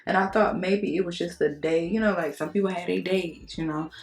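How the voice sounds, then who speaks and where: A young adult woman chatting frankly to her viewers, telling animated stories and cussing casually. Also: on the low side, fairly quick. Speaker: beauty vlogger. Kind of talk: casual chat to camera.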